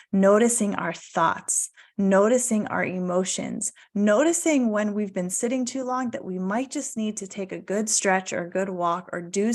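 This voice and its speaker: A woman in her thirties leading a guided mindfulness talk on a video call, gentle and encouraging, stretching out key words. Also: medium pitch, creaky. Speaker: wellness coach.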